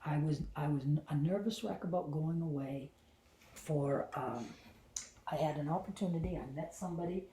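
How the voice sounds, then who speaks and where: A middle-aged woman with a low, mellow voice tells a personal story with animation, and her quieter asides slip into a hush. The sound is roomy, with a clear echo around her. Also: normal speed, slight background noise. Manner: animated, drops into hushed whispers for inner thoughts. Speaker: host and spiritual channeler.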